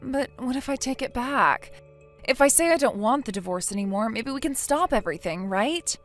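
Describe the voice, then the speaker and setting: A woman's voice: on the high side, expressive, normal speed, a bit bright, faint music behind. A woman voicing a whiny, self-pitying wife. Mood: defensive. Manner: whiny, defensive. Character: self-pitying young wife who cheated. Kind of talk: text story narration.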